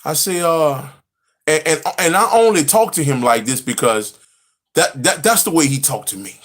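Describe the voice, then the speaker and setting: A man's voice: fairly high pitch, animated, moderate pace, fairly bright tone. A man reading a spiritual text aloud and preaching on it, emphatic, repetitive and profane. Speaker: spiritual teacher.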